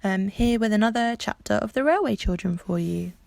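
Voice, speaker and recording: A woman, hosting a library storytime and reading a children's book aloud in a calm, clear way. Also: medium pitch, a little fast, dry recording.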